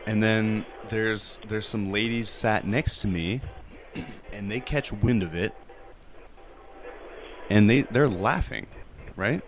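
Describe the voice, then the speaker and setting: Male prank caller, lowish voice, long-winded and flustered, clear stream mic. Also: slow pace, pauses often, slight background noise. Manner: rambling, hesitant, defensive, with many restarts. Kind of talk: prank phone call storytelling.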